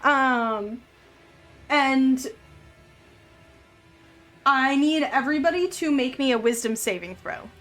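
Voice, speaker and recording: A high-voiced woman runs a tabletop game as its game master. She narrates at an unhurried pace, filling pauses with ums. She gets bursts of excitement at good dice rolls. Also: faint music behind.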